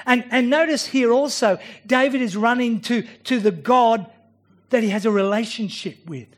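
A man's voice: very high-pitched, moderate pace. A man preaching a sermon, earnest and often repeating words as he starts his phrases.

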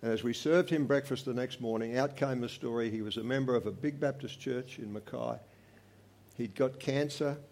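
An older man, giving an earnest personal testimony to a church congregation, swinging from animated to quiet. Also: mid-range voice, normal speed, a little hiss or hum.

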